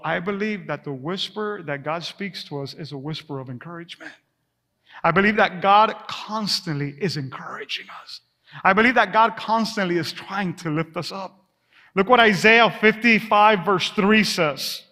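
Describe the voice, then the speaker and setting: A man preaching a sermon as a pastor, drawing the congregation into call-and-response, dropping to a hush on soft words and telling stories with lively acted asides. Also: high-pitched, moderate pace, in a large hall. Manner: energetic storytelling with acted asides.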